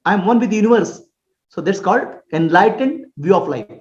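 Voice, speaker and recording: A man's voice: sits high, expressive, a little fast. A man teaching as a spiritual teacher in a question-and-answer talk, explaining with homely examples, checking that listeners understand and chuckling often. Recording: roomy, dull lo-fi recording.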